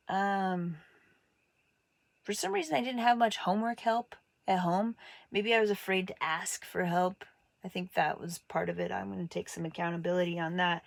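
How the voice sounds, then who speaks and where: A woman casually telling stories about her childhood, acting out other people's voices with big jumps in her pitch. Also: normal speed, vocal fry, dry recording. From Montana. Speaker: artist telling her life story. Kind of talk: casual personal storytelling.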